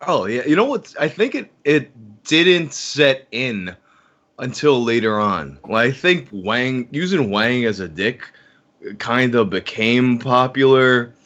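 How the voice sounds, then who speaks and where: A man's voice: medium pitch, expressive, slow, fairly bright tone, highs cut off. A man guesting on a podcast, rambling casually and swearing offhandedly. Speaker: podcast guest, online video maker.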